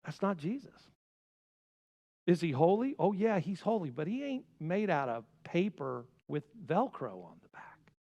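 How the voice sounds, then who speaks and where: Male pastor mid-sermon, a touch high-pitched, swings from emphatic to hushed, reverberant church sound. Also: big pitch swings, measured pace, highs cut off. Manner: dramatic swings from loud emphasis to hushed asides. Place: church sanctuary.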